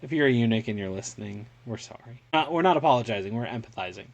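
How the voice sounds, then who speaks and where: A man co-hosting a podcast in casual chat, tossing in quick jokes and asides. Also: mid-range voice, animated, dry recording, lo-fi sound. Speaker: podcast co-host.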